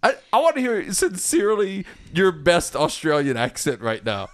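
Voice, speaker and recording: A man with a high, lively voice runs a casual comedy podcast. He reads out listener requests with a teasing, playful edge, his pitch jumping around expressively. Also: normal speed. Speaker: podcast host.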